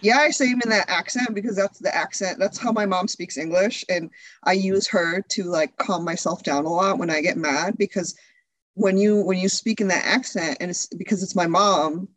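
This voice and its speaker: A woman's voice: on the low side, moderate pace, fairly bright tone, dry recording, poor audio. Woman, interview guest, candid chat, frequent laughter, filler restarts, dry close recording. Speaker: interview guest, video creator.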